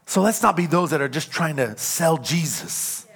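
A man preaching a sermon in church, emphatic, with call-and-response lines that rise to shouts on key points. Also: a little high, expressive, moderate pace, breathy edge. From California. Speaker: pastor. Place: church sanctuary.

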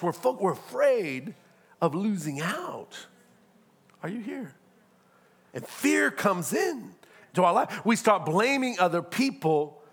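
A man preaches to his congregation. He mixes teaching with joking, acted-out asides. His delivery swings between brisk and drawn out. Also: high voice, a bit bright. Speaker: pastor. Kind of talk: sermon.

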